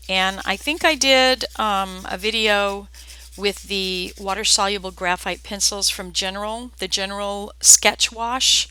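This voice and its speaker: Speaking to viewers during a live painting lesson, a Southern US art instructor sounds clear, resonant, pushed and bright in a mid-range voice. Her manner is chatty and folksy. The audio is poor.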